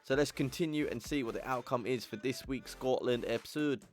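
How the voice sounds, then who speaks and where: A chatty man talks viewers through a game's results, putting on an accent for fun and reacting loudly when results surprise him. His pitch sits mid-range for a man, and faint music plays underneath. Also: fairly quick. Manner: chatty, addresses viewers as ladies and gentlemen, exclaims at results. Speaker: gaming channel host. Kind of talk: casual gameplay commentary.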